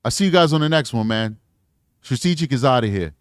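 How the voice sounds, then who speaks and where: A man's voice: mid-range voice, animated, a little fast, clear, resonant tone, dry recording, studio quality. A man hosting a true crime livestream, a detective talking bluntly and earnestly, sometimes getting emotional.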